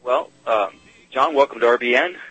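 A man's voice: mid-range voice, normal speed, fairly bright tone, slightly rough, lo-fi sound, faint music behind. A man calling in to a talk radio show, speaking hesitantly with many fillers. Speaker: caller.

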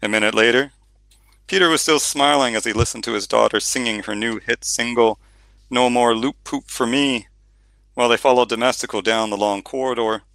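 A man narrating an audiobook in steady storytelling, with the odd reading slip. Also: mid-range voice, moderate pace, creaky, no room sound. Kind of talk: scripted narration.

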